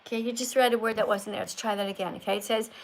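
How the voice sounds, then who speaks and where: A woman's voice: on the high side, fairly even intonation, racing, gravelly, low-quality recording. Lecturing older woman streamer. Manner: schoolteacher-like, corrective and lecturing. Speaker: livestream host. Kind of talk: live stream chat.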